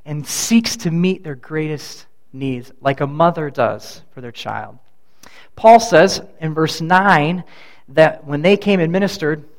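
A middle-aged man preaching a sermon, his voice pitched a little above the usual for a man. He speaks conversationally rather than formally and often turns aside to speak to people in the congregation by name. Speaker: pastor.

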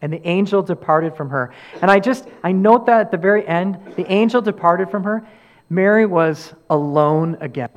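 Earnest higher-voiced male pastor preaching. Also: moderate pace. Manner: earnest, rises and falls for emphasis, repeats key phrases. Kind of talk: sermon.

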